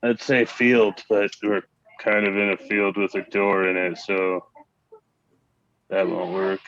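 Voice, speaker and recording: Low, flat-voiced male player. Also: slow, muffled recording. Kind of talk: casual tabletop play.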